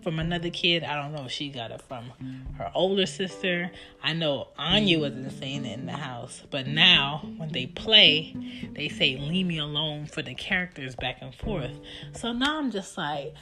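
A mother with a low voice tells family stories in a casual, chatty way while guitar music plays in the background. She's animated and acts out the lines her kids said.

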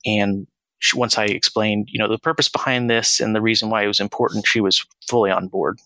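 A man in his thirties, a financial planner as podcast guest, speaking in an earnest, measured and reflective way. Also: fairly low pitch, fairly even intonation, sharp tone, no room sound, rough recording. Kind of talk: conversational interview.

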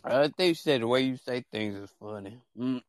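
A man hosting a casual podcast, joking around in animated, slangy banter and repeating himself often. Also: mid-range voice, moderate pace, dry recording, clean studio sound. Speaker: podcast host.

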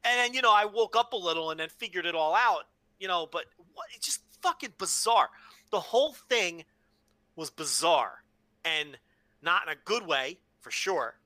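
A man's voice: sits high, expressive, normal speed, bright, forceful tone, no room sound. A man co-hosting a casual podcast, telling stories frankly, swearing freely and restarting with repeated words. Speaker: podcast co-host. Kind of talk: casual wrestling podcast chat.

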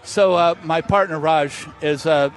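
A man's voice: on the high side, measured pace. A man, a master distiller, telling stories in an interview at an outdoor festival, acting out the voices of people in his anecdotes. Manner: animated storyteller, acts out voices. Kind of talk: storytelling interview.

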